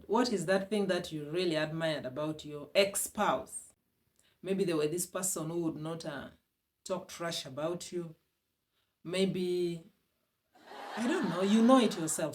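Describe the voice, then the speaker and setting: A woman from Uganda with a Ugandan English accent, giving emphatic, repetitive self-help advice on healing after divorce as a vlogger. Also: lowish voice. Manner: emphatic and repetitive, with sudden loud bursts and laughs. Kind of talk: motivational self-help talk.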